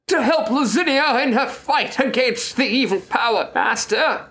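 A man voicing a dying male worker ant in a hushed, gasping comic reading. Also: very high voice, lively intonation, unhurried, voice pushed up, full character voice.

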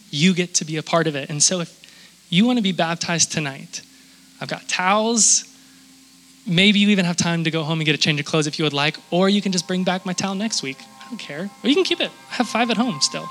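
A man's voice: on the high side, bright, forceful tone, low-quality recording. A man preaching in a conversational, earnest way as pastor, inviting people to be baptized. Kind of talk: sermon.

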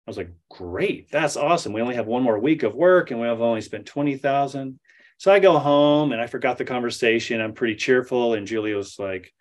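A man's voice: medium pitch, brisk. A man giving a talk, telling an anecdote and acting out the dialogue. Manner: animated storyteller acting out dialogue. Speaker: speaker at a study center. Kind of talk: storytelling talk with Q&A.

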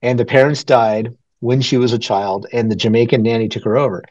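A man from New Mexico talks loosely through a casual podcast chat. He circles his points with hedges and little chuckles. His voice sits at an ordinary pitch, and the recording is close and dry with no room sound. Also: fairly even intonation, a little fast, darkish tone, no echo, highs cut off. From New Mexico, USA. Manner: rambling and hedging, chuckling often. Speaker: podcast co-host.

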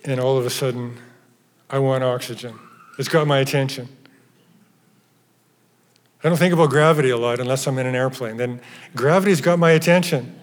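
A man preaching a sermon with emphatic stresses that drop at times to hushed, near-whispered phrases. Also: mid-range voice, normal speed, long pauses. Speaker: pastor. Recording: reverberant church hall.

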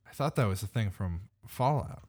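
A man's voice: on the low side, lively intonation, moderate pace, a little mellow, slightly rough. A man co-hosting a podcast in casual chat, rambling and hesitant, laughing often. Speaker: podcast co-host.

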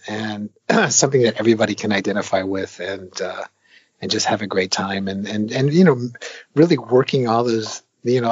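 Husky man, rambling game designer. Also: fairly low pitch, no room sound, muffled recording. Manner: rambling, many fillers and restarts, animated when retelling stories. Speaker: arcade game designer, guest. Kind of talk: casual interview chat.

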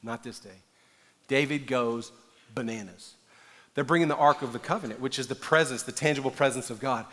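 A man preaching a sermon as pastor, animated and building at times to shouting. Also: medium pitch, a little fast. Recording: echoey hall reverb.

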